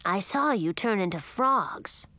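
A woman's voice: mid-range voice, animated, takes it slowly, bright, forceful tone. A woman reading a storybook aloud, voicing a friendly, eager young male dragon who talks in a chatty, earnest way.

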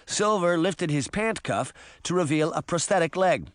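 A man reading a children's adventure novel aloud with expressive, varied narration. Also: fairly high pitch, normal speed, dry recording, clean studio sound. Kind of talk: audiobook narration.

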